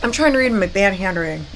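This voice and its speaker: A woman's voice: medium pitch, slight background noise, low-quality recording. A female horror movie host chatting and giggling while reading movie trivia. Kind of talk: live-stream chat with movie trivia.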